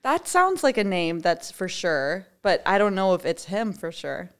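A woman's voice: lowish voice, big pitch swings, measured pace, clear, resonant tone. A woman co-hosting a podcast, chatting casually in a bubbly, jokey way and laughing often. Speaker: podcast co-host. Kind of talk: casual chat.

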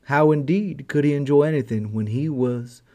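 A man narrating a fairy tale as host of a storytelling channel, gentle and affectionate. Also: a little high, normal speed.

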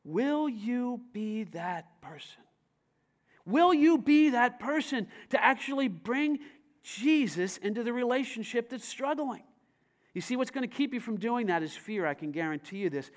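High-voiced preaching man, hushed to shouting. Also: lively intonation, measured pace. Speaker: pastor. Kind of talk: sermon.

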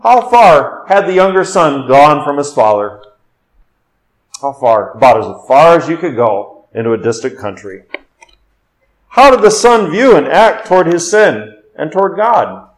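A male pastor delivering an expository sermon, rising and quickening when he quotes scripture and dropping low and slow for emphasis. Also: sing-song, poor audio.

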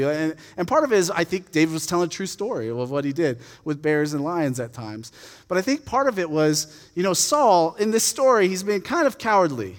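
A man's voice: a little high, fairly quick, long reverb tail. Casual, joking man preaching a sermon. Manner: casual, animated storyteller with humor. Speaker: pastor.

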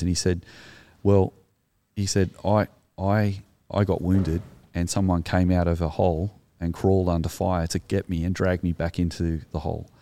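Deep gravelly Australian man in his 50s. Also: mellow, no room sound. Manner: conversational, many restarts. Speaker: podcast co-host. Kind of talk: casual theological discussion.

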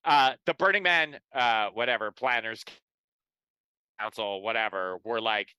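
A man's voice: on the low side, normal speed, pushed and bright, clean tone, dry recording. A man co-hosting a podcast in casual chat, sarcastic and profane. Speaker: podcast co-host.

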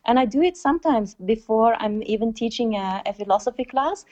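A woman's voice: on the high side, lively intonation, fairly quick, darkish tone. A woman from Norway, a philosophy teacher being interviewed, who speaks thoughtfully and repeats herself for emphasis. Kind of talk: conversational interview. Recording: dull lo-fi recording.

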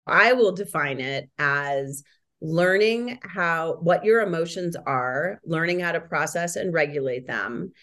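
A woman answering interview questions about schools and parenting, explaining with emphasis and shifting between quick bursts and slow stresses. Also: lowish voice, expressive, fairly bright tone.

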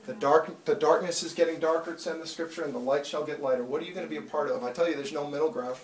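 A man's voice: on the high side, steady tone, racing. A man preaching a sermon to a congregation, talking plainly and then building to urgent, impassioned appeals. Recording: echoey room, mic far off.

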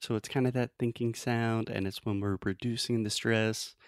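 A man teaching English pronunciation in a casual, playful way, explaining slowly with many examples. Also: mid-range voice, fairly even intonation, clean tone, no room sound, clean studio sound.

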